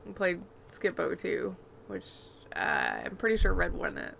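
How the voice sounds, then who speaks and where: Woman podcast co-host, bright and forceful voice, chatty rambling storyteller. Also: lowish voice, wildly swooping pitch, unhurried, vocal fry, a little hiss or hum. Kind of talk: casual gaming chat.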